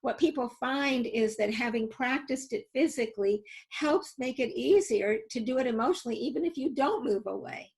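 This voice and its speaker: A woman's voice: on the high side, normal speed, vocal fry, few pauses, darkish tone, low-quality recording. A woman presenting an instructional webinar, telling stories and explaining techniques, often hesitant with fillers and restarts. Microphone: video call.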